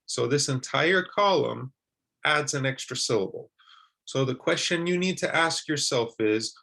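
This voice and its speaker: A man teaching English pronunciation, saying example words slowly and repeating them with care. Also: mid-range voice, creaky, a bit bright. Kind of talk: slow, deliberate pronunciation lesson.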